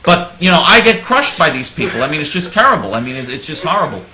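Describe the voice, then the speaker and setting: A man's voice: fairly high pitch, very animated, fast, sharp tone, reverberant, slight background noise, poor audio. A man hosting a talk radio show, telling stories in a mock-naive, sarcastic way. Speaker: radio host.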